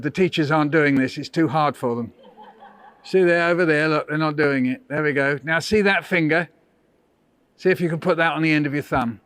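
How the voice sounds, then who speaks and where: A man's voice: fairly high pitch, fairly bright tone, clear, resonant tone, dry recording. Playful older man leading children's chants. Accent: English. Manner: playful, coaxing, leads chants by counting in. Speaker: children's author leading a school workshop. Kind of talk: call-and-response workshop with young children. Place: indoor school room with children.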